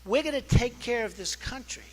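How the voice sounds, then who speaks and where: A male political candidate with a very high-pitched, expressive voice speaks at normal speed during a fundraising dinner campaign speech. It's boastful, repetitive and conversational, full of asides and quoted exchanges he acts out.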